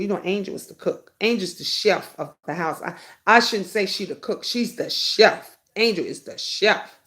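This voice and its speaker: A middle-aged woman hosting a casual live stream, chatting with viewers by name and breaking into high, excited bursts. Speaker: livestream host.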